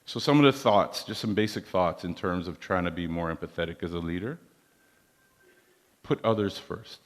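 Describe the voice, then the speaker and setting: A man giving a motivational leadership talk in a large hall, measured and preacherly, with proverbs. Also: low voice, animated. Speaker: keynote speaker. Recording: long hall reverb.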